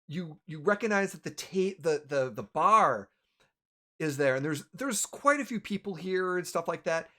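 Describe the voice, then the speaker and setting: A man's voice: sits high, a bit bright. A man narrating as the game master of a tabletop game, rambling and correcting himself as he goes.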